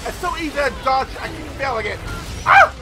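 A man giving loud, profane, excitable commentary while playing a video game. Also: very high voice, fairly quick, a loud crowd, heavy background noise. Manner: loud, profane, yelling reactions. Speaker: gameplay commentator. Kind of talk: excitable let's-play commentary. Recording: game audio with music behind.

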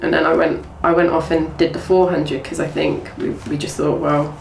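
A woman's voice: low voice, level tone, normal speed, vocal fry. A young woman, a former athlete from England, retelling her career in a casual interview, with many restarts and quoted speech. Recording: echoey room, voice from far off, faint room noise.

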